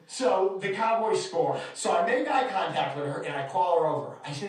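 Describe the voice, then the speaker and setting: A man's voice: sits high, very animated, fast talker, few pauses. A man hosting a podcast, telling a story in a casual, heavily profane, exasperated way. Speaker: podcast host. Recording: echoey room, distant mic.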